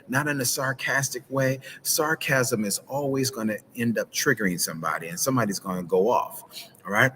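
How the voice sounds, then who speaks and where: A man coaching couples in a lively, preacher-like way on a live stream, speaking into a phone outdoors by a pool. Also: medium pitch, a little hiss or hum, low-quality recording. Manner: animated preacher-like delivery with church phrasing. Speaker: relationship coach. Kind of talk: live-streamed advice talk.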